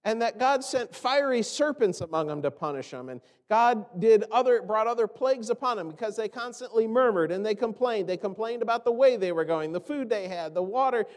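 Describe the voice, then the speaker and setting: A man's voice: high voice, in a large hall. A man preaching a sermon in a conversational way, asking rhetorical questions and acting out the complaints he quotes. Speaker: pastor.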